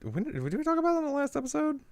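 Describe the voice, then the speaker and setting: A man's voice: extremely high pitch, huge pitch swings, rapid-fire, a crowd in the background. A man co-hosting a podcast in casual chat, throwing in teasing quips. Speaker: podcast co-host.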